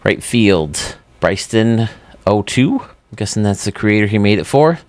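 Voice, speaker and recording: A man's voice: fairly low pitch, lively intonation, unhurried, dry recording, studio quality. A man hosting his own channel, chatting casually and enthusiastically while touring video game stadiums, often laughing at himself. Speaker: YouTube host.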